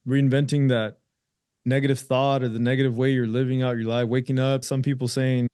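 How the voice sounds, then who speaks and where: A man hosting a podcast, casually chiming in with quick affirmations and easygoing reflections. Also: medium pitch, flat delivery, dark tone, no room sound, clean studio sound. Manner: supportive short affirmations, easygoing. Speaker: podcast host. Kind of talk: casual interview chat.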